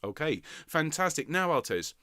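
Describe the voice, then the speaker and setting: A man leading a choir rehearsal, counting in, giving gentle praise and singing short lines high and soft. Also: very animated, normal speed, clear, resonant tone, no echo, studio quality. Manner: encouraging, counts in and sings demonstrations in falsetto. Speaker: choir director. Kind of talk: online rehearsal teaching. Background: piano.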